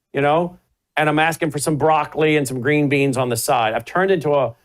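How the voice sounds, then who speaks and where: Male talk show host, slightly high voice, rambling, self-mocking storyteller. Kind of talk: casual chat.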